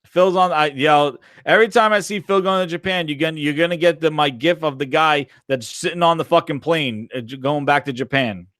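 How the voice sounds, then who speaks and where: A man's voice: fairly high pitch, brisk, few pauses, no room sound, studio quality. A man hosting a casual gaming live stream, rambling and swearing as he answers chat. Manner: animated, profane, rambling.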